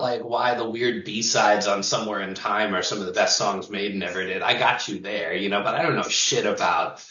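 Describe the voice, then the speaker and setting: A man who fronts a metal band talks over a video call in a loose, rambling way. He swears easily and laughs between thoughts. His voice sits a little low but sounds bright, and it reaches the mic from a distance in a roomy, dull-sounding space. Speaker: singer of a touring metal band, interview guest. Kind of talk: casual interview chat.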